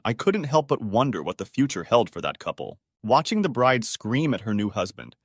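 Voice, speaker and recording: A man reading online stories aloud as a narrator, with a steady, evenly paced storytelling delivery. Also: mid-range voice, no echo, studio quality.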